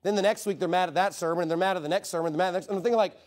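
High-voiced emphatic preacher. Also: male voice, racing. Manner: emphatic, rhetorical, mocks objections in quoted voices. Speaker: pastor. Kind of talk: sermon.

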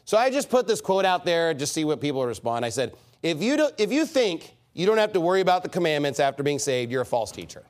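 Animated, high-voiced male preacher. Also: fast, hardly any pauses. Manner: animated, mocking, emphatic preaching. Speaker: pastor. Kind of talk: sermon.

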